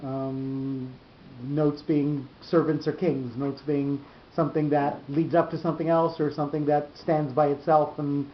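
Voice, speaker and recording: Guy teaching a study group, kinda high voice, stops and restarts a lot, dull echoey recording w/ rumble. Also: level tone. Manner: halting, many restarts and fillers, slows to spell out terms. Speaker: Torah teacher. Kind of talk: study-session explanation.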